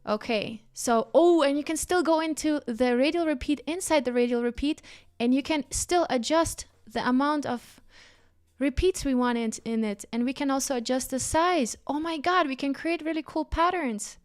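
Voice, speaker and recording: A woman hosting a live design tutorial, bubbly and enthusiastic, a bit out of breath from excitement. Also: high-pitched, moderate pace. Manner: bubbly and enthusiastic, frequent exclamations. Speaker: livestream design instructor.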